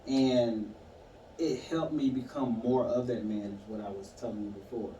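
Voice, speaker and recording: A man in a casual conversation, sharing a painful memory in a halting, reflective way. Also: mid-range voice, steady tone, dark tone. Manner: halting, reflective, many fillers. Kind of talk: casual conversation, personal story. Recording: echoey room, far mic, some noise.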